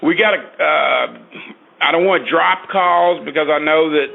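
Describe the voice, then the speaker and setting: A man's voice: a little high, unhurried, creaky, crowd noise. A man hosting a call-in radio show, easygoing as he moves the show to the next callers. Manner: easygoing, moves things along. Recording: phone-line radio audio.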